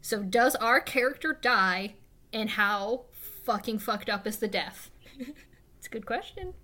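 A woman co-hosting a podcast in casual chat, animated and quick to laugh, swearing freely. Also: on the high side. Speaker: podcast co-host.

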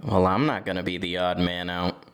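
A woman playing a tabletop role-playing game, teasing others with quick quips. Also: very deep voice, steady tone, clean tone. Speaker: player. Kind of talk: tabletop role-play, casual chat.

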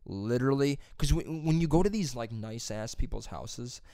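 A man's voice: medium pitch, lively intonation, moderate pace, gravelly, warm tone, dry recording, studio quality. A young man telling a rambling, profane work story in casual chat. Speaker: plumber's helper telling a story.

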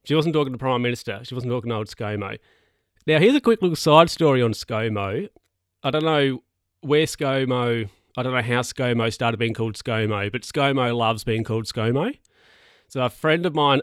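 A man's voice: mid-range voice, smooth, dry recording, clean studio sound. A man hosting a solo podcast, telling a story in a rambling, chatty way that keeps correcting itself. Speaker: podcast host.

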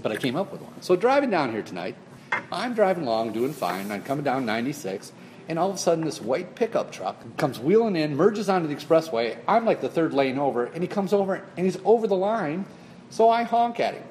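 A man's voice: on the high side, brisk, a little hiss or hum. A man casually telling a funny story to a group, acting out the lines he says. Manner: animated, acts out exclamations. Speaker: person pitching an idea to a group.

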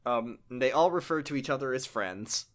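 A man's voice: mid-range voice, animated, fairly quick, a bit bright. Rambling man recapping a game. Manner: rambling, many fillers and self-corrections. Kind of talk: casual chat recapping a video game.

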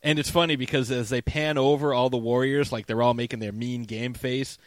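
A man's voice: medium pitch, brisk, dry recording. Swearing man retelling a movie. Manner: animated retelling, swears freely. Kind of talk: casual movie recap chat.

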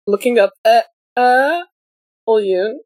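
Woman player chatting about an rp scene, kinda high voice, slow and uh-heavy. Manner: hesitant, soft, many fillers. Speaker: tabletop role-play player. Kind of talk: casual chat planning a role-play scene.

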